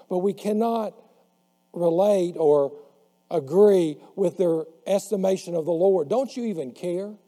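A man preaching a sermon who slows down and drops his voice on the words he wants to stress. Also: high voice, mellow. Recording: long hall reverb.

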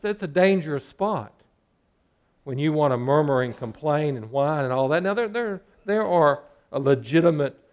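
A man preaching a sermon with a voice pitched a little high. He talks to his congregation as a pastor and sometimes slips into the voices of the grumblers in his story. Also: darkish tone. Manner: preaching, acting out quoted complaints.

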